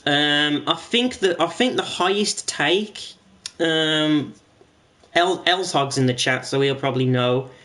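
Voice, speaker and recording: A man's voice: fairly high pitch, slow pace, sharp tone. Casual man streaming a game. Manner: rambling, swears casually, frequent restarts. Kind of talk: casual gaming stream commentary.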